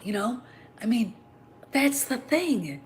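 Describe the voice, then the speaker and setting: A woman host talking alone in an animated, opinionated way, swearing freely and using many fillers. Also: on the high side, slow pace, a little hiss or hum, poor audio. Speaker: podcast host. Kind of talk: opinionated solo talk.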